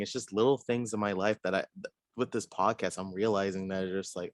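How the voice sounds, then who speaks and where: A man's voice: low-pitched, fairly even intonation, a little fast, no room sound. A young man, an artist being interviewed, talking casually with many fillers and frequent laughs. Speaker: artist guest.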